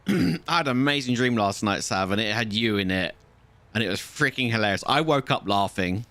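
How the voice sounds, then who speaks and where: A man's voice: on the low side, expressive, normal speed, bright, forceful tone, no room sound. A man, chatting casually to viewers on a live game stream and rambling through a story. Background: faint music.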